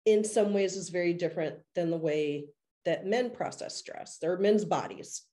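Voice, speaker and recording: A woman with a fairly low voice co-hosts a podcast, talking earnestly and at length. Her tone is casual and she now and then laughs at herself. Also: normal speed, warm tone. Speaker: podcast co-host.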